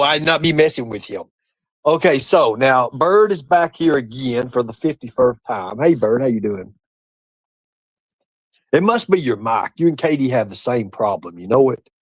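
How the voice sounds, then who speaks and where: A man hosting a casual livestream, talking to his chat and a guest. He taunts and mocks in a profane voice, dropping to low mutters and then jumping into high, excited outbursts. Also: a little slow, no echo, rough recording. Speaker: livestream host. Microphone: streaming setup.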